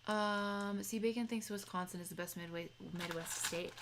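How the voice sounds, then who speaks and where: A woman's voice: medium pitch, fairly even intonation, normal speed, background noise. A young adult woman co-hosting a livestream, chatting in a rambling, casual way and reading out chat messages. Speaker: livestream co-host.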